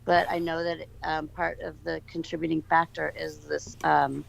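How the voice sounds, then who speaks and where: Woman, low gravelly voice, blunt casual talker. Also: level tone, moderate pace, slight background noise, rough recording. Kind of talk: casual chat.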